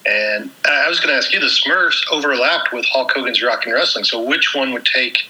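An easygoing man from the central United States talks over old memories. His voice is very bright and sharp, at a middle pitch. He often restarts his sentences as he thinks back. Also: moderate pace, poor audio. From US Central region. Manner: easygoing, reminiscing with many restarts. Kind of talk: casual nostalgic chat.

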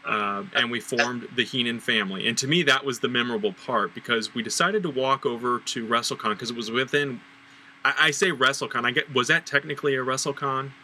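Bright-voiced middle-aged man reminiscing. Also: medium pitch, a little fast, a little hiss or hum, poor audio. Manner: relaxed, recalling details with fillers. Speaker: podcast host. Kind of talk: casual podcast chat.

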